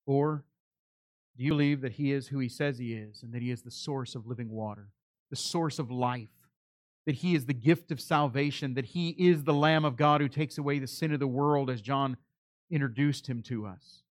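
A man's voice: mid-range voice, moderate pace, no room sound, clean studio sound. A male pastor preaching a sermon, earnest and pleading, building to emphatic calls.

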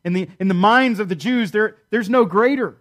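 Male pastor, higher-pitched voice, animated sermon delivery with sarcastic asides. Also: normal speed.

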